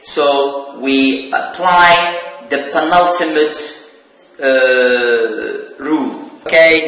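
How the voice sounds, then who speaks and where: Slow, deliberate Algerian-accented male teacher. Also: medium pitch, sharp tone, echoey room, rough recording. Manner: slow, deliberate, spelling out sounds with many pauses. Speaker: English teacher. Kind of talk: slow televised classroom lesson.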